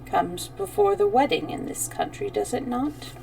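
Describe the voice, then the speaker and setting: A woman voicing a melancholy middle-aged Chinese gentleman who speaks slowly and measures his dry questions. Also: high-pitched, sing-song, creaky, recorded from a distance, a little hiss or hum, voice pushed up, full character voice, poor audio. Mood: measured. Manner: slow and measured, dryly questioning.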